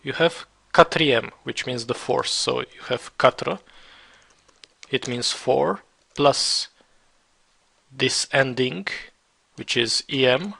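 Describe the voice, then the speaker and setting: A man teaching a beginner French lesson, repeating words slowly and spelling them out letter by letter. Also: mid-range voice, gravelly, bright, forceful tone. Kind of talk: slow beginner language lesson.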